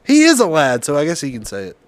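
A man's voice: on the high side, huge pitch swings, quick pace. A young man co-hosting a podcast, bantering in a profane, teasing way and laughing often. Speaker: podcast co-host. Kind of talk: casual banter.

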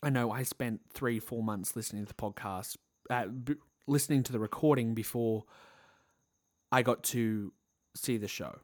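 A young man who is a theatre fan, casually recounting a story to his viewers with enthusiastic, excitable delivery. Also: medium pitch, moderate pace, no echo, clean studio sound. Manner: enthusiastic, excitable, laughs often. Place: lives in Sydney.

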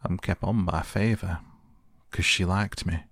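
A man's voice: sits low, fairly even intonation, measured pace, fairly bright tone, dry recording. A man voicing a dry, blunt old male gardener. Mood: gruff.

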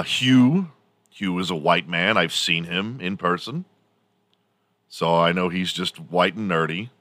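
Man, podcast host, casual profane storytelling, frequent laughter, low-pitched, bright, dry close sound. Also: no room sound. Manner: rambling, profane, laughs often while telling a story.

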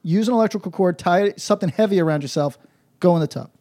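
A man's voice: high voice, fast talker. A man co-hosting a comedy podcast, swearing constantly and riffing in loose, rambling rants. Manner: profane, riffing, swings into mock-patois shouts. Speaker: podcast co-host. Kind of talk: crude comedic podcast banter.

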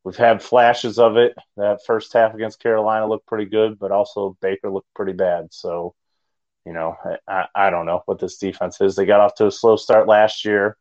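Low-voiced man on dull lo-fi audio. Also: little pitch movement, moderate pace, a little mellow. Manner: rambling, conversational, hesitant. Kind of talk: casual sports chat.

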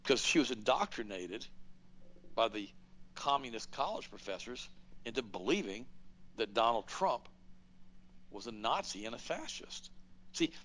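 Middle-aged male talk host, blunt and animated, mid-pitched voice. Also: moderate pace, pauses often, low-quality recording. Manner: emphatic, animated, blunt storytelling with acted-out quotes. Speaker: radio show host. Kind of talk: political commentary, conversational monologue.

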